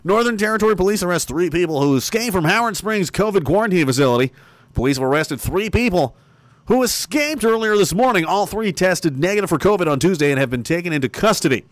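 A man commenting sarcastically on news headlines in a casual, animated way. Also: sits high, quick pace, dry recording. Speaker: commentary streamer.

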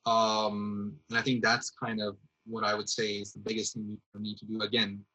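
Husky, bright-toned male theatre artist. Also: lowish voice, monotone, moderate pace, dull audio. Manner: thoughtful, rambling with many fillers. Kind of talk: reflective casual conversation.

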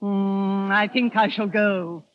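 A woman's voice: mid-range voice, fairly even intonation, slow pace, dry recording, natural voice. A woman voicing a prim, inquisitive older spinster lady with stiff, formal manners in an old radio drama. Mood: prying. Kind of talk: 1930s radio drama acting. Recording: dull old radio recording.

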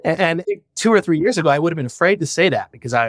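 A man's voice: fairly high pitch, very animated, racing, no room sound, clean studio sound. Frank, reflective man on a podcast. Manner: frank and reflective, swears casually. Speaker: podcast guest, founder and father. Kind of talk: candid conversational interview.

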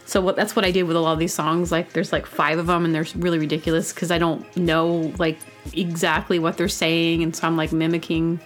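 A woman's voice: sits low, little pitch movement, brisk, few pauses, faint music behind. A woman hosting a show, talking in a casual, meandering monologue full of fillers and silly asides. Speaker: host.

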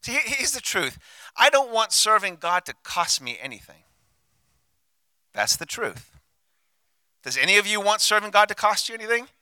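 A male pastor preaching a sermon on a handheld mic, passionate, swinging from hushed, intimate lines to loud declarations. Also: high voice, very animated, moderate pace, long pauses, smooth, no room sound.

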